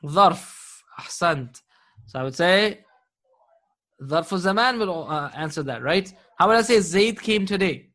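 Slow, patient male grammar teacher. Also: high voice, animated, pushed and bright. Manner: patient, encouraging, chuckles often. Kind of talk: live online class.

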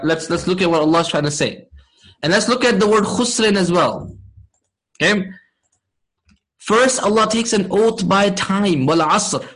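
A man teaching a class, explaining slowly and checking in with his students often. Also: high-pitched, fairly bright tone, rough recording. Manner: slow, deliberate explaining. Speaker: Arabic grammar teacher.

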